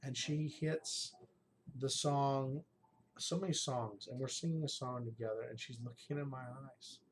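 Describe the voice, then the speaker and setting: Male vlogger, emotional and earnest, talking to the camera at a middling pitch, with light background noise. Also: steady tone, unhurried, low-quality recording. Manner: emotional, heartfelt, addresses viewers as folks and guys. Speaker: game master giving tips. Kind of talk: personal vlog monologue.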